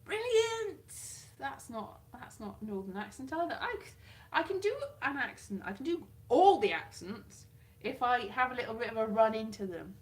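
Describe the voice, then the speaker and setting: A woman talks casually into her webcam during a home livestream. She rambles and pokes fun at herself. Her voice sits slightly high. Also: animated, normal speed. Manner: chatty, rambling, self-mocking. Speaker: YouTuber.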